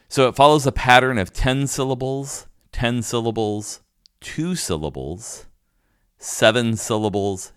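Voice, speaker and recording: Male pastor, deep low voice, explanatory sermon delivery, dry close sound. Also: a bit bright, no echo. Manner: teaching, explanatory, with restarts and fillers.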